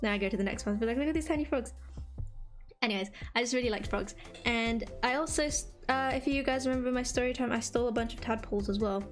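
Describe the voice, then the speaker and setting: A young woman from England talks fast to her stream viewers, barely pausing, in a voice on the high side. Her casual chat is chirpy, rambling and filler-heavy, and faint music sits behind it.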